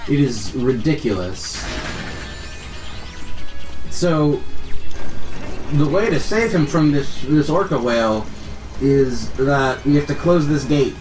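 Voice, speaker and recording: Young male streamer, apologetic and self-mocking, mid-pitched, slightly distant mic with faint music behind. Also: expressive, slow, pauses often. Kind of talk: live game stream commentary.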